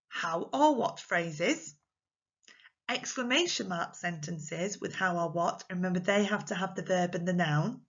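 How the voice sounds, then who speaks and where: A woman teaching young children in a recorded lesson, speaking slowly and clearly with an English accent and acting out her examples in an exaggerated, expressive voice. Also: medium pitch, muffled recording. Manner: slow, clear, encouraging talk to small children. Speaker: primary school teacher.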